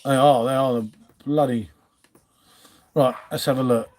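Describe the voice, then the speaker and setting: A man's voice: medium pitch, fairly even intonation, a little slow, a little mellow. A middle-aged man, hosting a live stream in casual chat and greeting viewers by name. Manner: chatty, reads viewer names, trails off and restarts.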